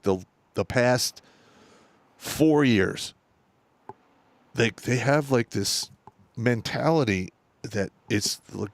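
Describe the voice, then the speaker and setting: A middle-aged man tells profane stories on a casual podcast. His voice rises and falls widely as he gets worked up. The sound is dry and close, with no room echo. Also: medium pitch. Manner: profane, animated storytelling. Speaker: co-host.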